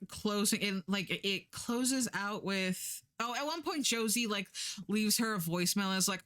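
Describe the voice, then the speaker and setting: A woman's voice: on the low side, fairly bright tone. A young woman streamer casually recapping a story, blunt and exasperated, swearing and doing mocking voices for the characters. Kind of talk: casual chat recapping a book.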